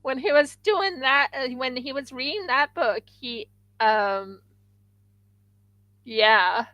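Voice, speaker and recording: A woman's voice: high-pitched, slow, pushed and bright, no room sound, highs cut off. A woman hosting a craft livestream, chatting casually and rambling with frequent restarts.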